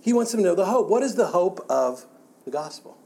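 Mellow-voiced man teaching Bible class. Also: high voice, sing-song, a little fast, creaky. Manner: conversational, repeats words and restarts often. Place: church classroom.

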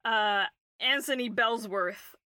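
This is a lanky, drunk human bard with a squeaky, strained voice that leaps far above the speaker's own, done by a woman. He stammers and brags cheerfully, loud and a little sloppy. Dry, close sound. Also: takes it slowly, dry recording. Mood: tipsy boasting. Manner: tipsy, stammering, boastful.

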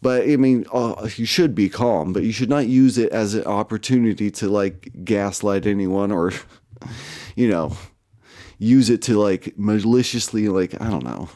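A man's voice: on the low side, moderate pace, warm tone. A man casually telling a personal story, rambling and profane, with lots of fillers and self-mocking asides.

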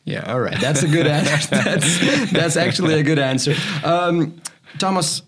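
A man from Europe interviewing a guest in a casual chat, tossing in quick joking asides. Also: fairly high pitch, a bit bright, slightly rough.

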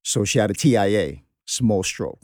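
A man's voice: on the low side, expressive, normal speed, darkish tone, dry recording, studio quality. A man in an earnest, heartfelt podcast conversation, telling a personal story with many restarts. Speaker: guest sharing a personal story.

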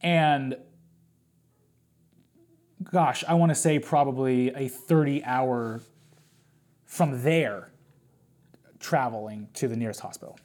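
A man's voice: mid-range voice, slow, long pauses, darkish tone. Guy on a podcast telling a long travel story, keeps saying like, restarts a lot, mid voice. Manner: rambling, many fillers and restarts. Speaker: podcast guest. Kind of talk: casual storytelling.

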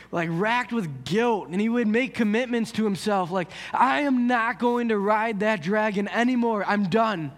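A man's voice: sits high, long reverb tail. A man preaching a sermon in an earnest, conversational way, telling a story. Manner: earnest, conversational, builds intensity. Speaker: pastor.

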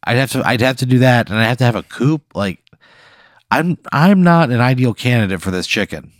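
A man's voice: mid-range voice, lively intonation, a little fast, no room sound, clean studio sound. A man playing his character in an improvised tabletop game, exasperated and swearing a lot. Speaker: player. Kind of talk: improvised role-play.

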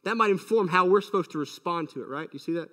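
Male pastor mid-sermon, emphatic, high-pitched, with a long reverberant hall tail. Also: fast, a bit bright. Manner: emphatic, many rhetorical questions.

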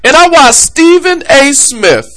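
A man tears into a sports topic on a podcast, voice swinging wide. His tone is bright and edgy. He talks in a heated, comic rant style. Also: very high-pitched, a little slow. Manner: animated, heated ranting. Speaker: podcast host.

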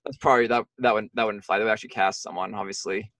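Male podcast co-host, quick casual talker, laughs easily, dry close sound. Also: lowish voice, steady tone, a bit bright, no echo. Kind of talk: casual movie discussion.

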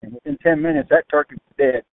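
A man with a Louisiana accent spins a folksy yarn, his fairly high voice swooping up and down and catching in a gravelly rasp. The sound is thin and tinny, like a phone line. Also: fast talker, a little hiss or hum. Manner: animated, drawling, acts out voices in stories. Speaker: guest turkey hunter. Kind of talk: folksy storytelling.

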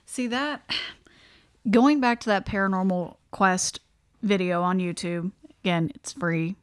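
A woman co-hosting a paranormal podcast, chatting casually and mostly giving brief, low-key replies. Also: measured pace, clean tone, no room sound, studio quality. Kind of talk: casual chat.

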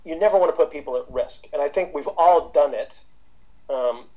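This guest therapist, a man in his fifties, talks in a loose, rambling way full of fillers and false starts. He sounds brisk and a little mellow, pitched on the high side, over a rough recording.

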